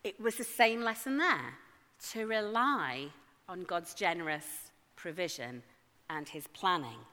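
A woman's voice: medium pitch, bright, forceful tone. A woman giving a sermon, conversational with wry asides to her congregation. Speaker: preacher. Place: church. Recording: long hall reverb.

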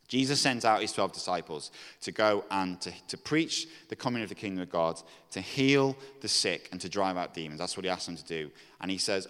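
A man preaching a sermon. He reads scripture aloud, then talks in a casual, animated way with fillers and restarts. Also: low voice, a little fast, smooth. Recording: long hall reverb.

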